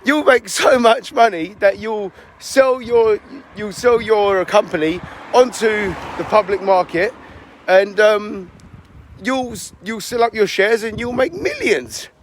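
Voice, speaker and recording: A man voicing an eager, pushy male business executive in a told story, talking in a fast, persuasive pitch. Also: slight background noise.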